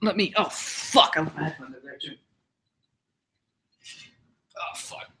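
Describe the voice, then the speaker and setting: A man's voice: a little high, a little slow, heavy background noise. Rambling, swearing young male streamer. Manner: rambling, swearing, laughing often. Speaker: stream host. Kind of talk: casual live-stream chat.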